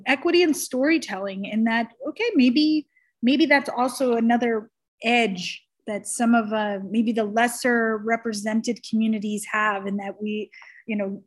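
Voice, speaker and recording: Podcast host, woman, bright high voice, loose rambling chat with lots of fillers. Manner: animated, laughing, rambling with fillers. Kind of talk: casual chat.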